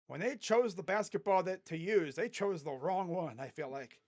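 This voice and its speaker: A fan streamer calling a basketball game live, play-by-play style, mixing excited calls with sarcastic jokes and quiet mutters. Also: medium pitch, brisk, few pauses. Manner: joking, sarcastic asides. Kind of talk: casual live play-by-play reaction.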